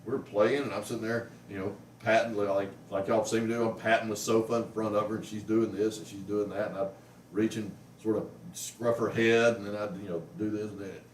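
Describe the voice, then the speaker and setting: A man's voice: on the low side, little pitch movement, a little fast. Man, rambling casual vlog, coos at his cat, living room, faint background noise. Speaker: pet vlogger. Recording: roomy, mic at a distance, faint noise.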